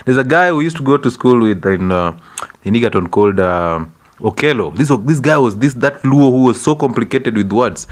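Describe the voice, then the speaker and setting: A young man with a Kenyan accent chats on a livestream, mixing English with bits of Swahili. His pitch is animated and bouncy, with frequent bursts of laughter and exclamations as he greets his audience. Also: moderate pace. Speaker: livestream host. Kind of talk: casual livestream chat reading out viewers.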